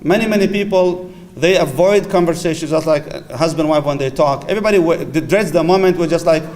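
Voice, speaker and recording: A middle-aged man giving a lively religious lecture on marriage, acting out short dialogues and mixing in Arabic phrases. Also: on the high side, brisk. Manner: animated, acts out little dialogues, Arabic phrases mixed in. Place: lecture hall with audience.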